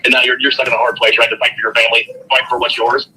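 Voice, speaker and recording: A man's voice: mid-range voice, completely flat delivery, rapid-fire, pushed and bright, a little hiss or hum, rough recording. A man talking casually in a private conversation, rambling with lots of fillers and repeated words. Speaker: friend in a recorded private call.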